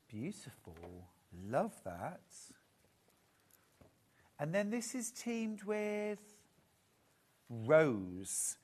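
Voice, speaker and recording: Live-selling presenter, slow, gushing, chatty. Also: mid-range voice. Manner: gushing, admiring, chatty asides. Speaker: shopping channel presenter.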